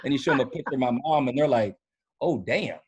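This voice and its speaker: A young man chatting as a guest on a sports podcast, his voice sitting at an ordinary middle pitch. He tells stories in a loose, slangy way with lots of "like" and "you know." The talk is relaxed, unhurried and conversational. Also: breathy edge. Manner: loose, slangy storytelling with many fillers. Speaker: podcast guest, former college football punter. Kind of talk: casual chat.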